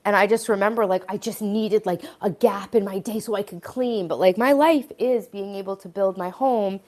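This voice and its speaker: A woman's voice: mid-range voice, moderate pace, darkish tone. Chatty woman live-streaming her morning. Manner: rambling, chatty, many fillers. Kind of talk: casual live-stream chat while tidying.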